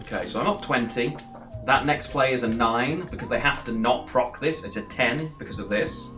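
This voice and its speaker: A man's voice: medium pitch, huge pitch swings, normal speed, music in the background. A man giving casual, rambling gameplay commentary while streaming and answering chat between plays. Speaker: streamer playing a card game.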